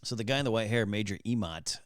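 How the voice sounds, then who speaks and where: A man as guest on a casual movie commentary, eagerly sharing behind-the-scenes facts with quick asides. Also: on the low side, animated, no echo, clean studio sound. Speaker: guest Star Wars expert.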